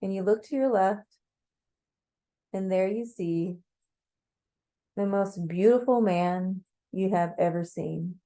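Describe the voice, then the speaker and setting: A woman narrating a guided meditation in a slow, calm, measured way. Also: mid-range voice.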